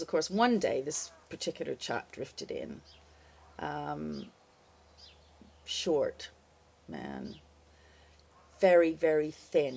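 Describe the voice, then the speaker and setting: An older woman, a former bartender, telling a wry, lively anecdote in a casual spoken style. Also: low voice, vocal fry, breathy edge. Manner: lively, animated, wry storytelling with fillers.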